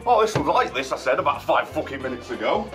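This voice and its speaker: A man chatting and joking loudly while moving heavy furniture, swearing and exclaiming often, a little out of breath. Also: mid-range voice, big pitch swings, quick pace, music in the background. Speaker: vlogger. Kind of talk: casual chat while doing heavy lifting.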